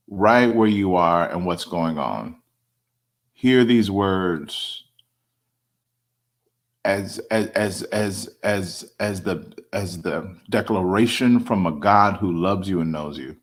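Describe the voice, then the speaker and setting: Emphatic man preaching in slangy casual talk. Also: low-pitched. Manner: emphatic, repeats phrases, slangy. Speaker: host and preacher.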